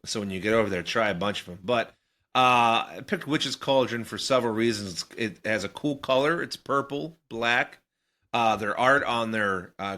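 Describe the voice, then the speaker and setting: A man's voice: on the low side, pushed and bright. A man co-hosting a podcast, chatting in a laid-back, rambling way and laughing often. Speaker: podcast co-host. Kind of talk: casual banter.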